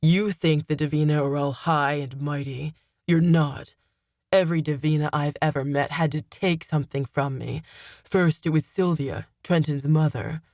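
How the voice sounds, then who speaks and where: A woman voicing a vengeful male demon father who speaks deep, cold and menacing in an audiobook. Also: fairly even intonation, normal speed, darkish tone, no echo, clean studio sound.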